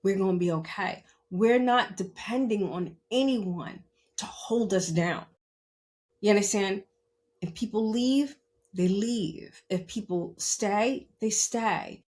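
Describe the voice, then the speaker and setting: A woman's voice: mid-range voice, slow, darkish tone. A woman hosting a podcast, talking candidly and emphatically in a motivational monologue, often checking in with her listeners. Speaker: podcast host.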